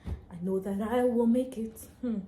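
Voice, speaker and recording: A woman's voice: a little high, steady tone, unhurried, warm tone. Young female vlogger, chatty storyteller who laughs a lot, recorded in a reverberant room. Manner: chatty, laughs often, acts out dialogue. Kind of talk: casual storytelling to camera. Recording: echoey room, faint ambience.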